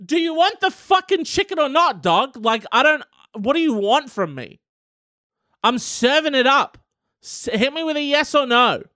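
A man's voice: very high-pitched, very animated, normal speed, bright, forceful tone, no echo, clean studio sound, pitched above the performer's own voice, full character voice. A man voicing a pushy, exasperated man who keeps serving food and badgering. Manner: impatient, badgering. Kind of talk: comedic podcast impression.

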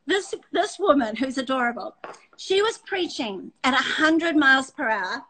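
An Australian woman hosting a casual chat, effusive and full of quick restarts. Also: high-pitched, animated, sharp tone, rough recording. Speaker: host.

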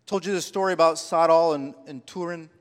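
A man's voice: fairly high pitch, steady tone, fairly quick, clean tone, big-room sound. A man preaching a sermon, telling personal stories with heartfelt, rising emphasis. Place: church sanctuary.

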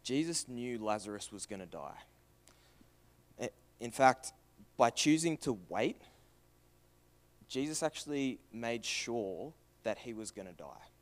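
A young man delivering a sermon with an earnest, searching tone. He asks question after question, then lets his voice drop low and soft for the tender parts. His pitch sits in a plain middle range for a man. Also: lively intonation, unhurried, long pauses. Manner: earnest, questioning, swings from loud to hushed. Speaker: preacher.

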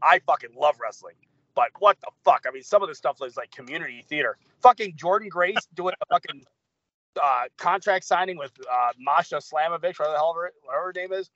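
A man co-hosting a podcast in casual chat, swearing constantly and ranting in animated mock quotes. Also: fairly high pitch, a little fast, no room sound, lo-fi sound. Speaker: podcast co-host.

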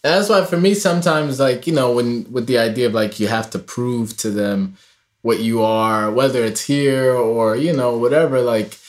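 A man's voice: mid-range voice, normal speed. A man in casual chat, joking and answering with frequent yeahs, raised in Ireland. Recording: echoey room.

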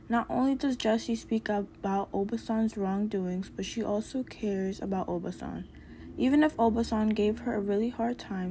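Woman, student presenter, mellow warm voice, earnest steady read, casual at times. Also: mid-range voice. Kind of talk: reading a prepared literature presentation.

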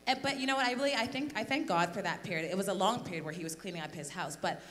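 A woman's voice: medium pitch, rapid-fire, hardly any pauses, a bit bright. A woman on a church panel reflecting earnestly on her relationship, recorded in a large church hall. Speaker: church speaker, wife. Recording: hall reverb with faint hum.

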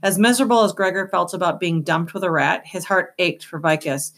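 A woman giving a measured, steady scripted narration of an audiobook. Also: fairly low pitch.

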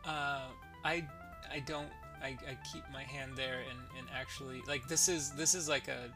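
A man's voice: medium pitch, steady tone, moderate pace, over music. A man playing a tabletop game, talking hesitantly with many fillers and restarts. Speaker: player. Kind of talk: casual tabletop game play.

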